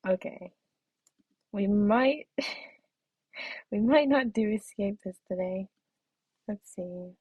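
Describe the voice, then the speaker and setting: A woman's voice: medium pitch, drawn-out words, pauses often, slightly rough, no echo. A young woman chatting casually on her live stream, giggly, with a throat that feels off and the odd whispered aside. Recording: dull, muffled stream audio.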